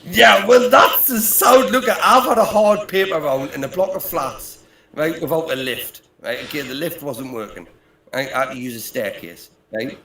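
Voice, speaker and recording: A middle-aged Geordie man from Newcastle, Britain, banters and jokes on a call, rambling with "right, okay?" and "mate" after every phrase. His mid-range voice is a bit bright and moves at a moderate pace, recorded in an echoey room with faint ambient noise.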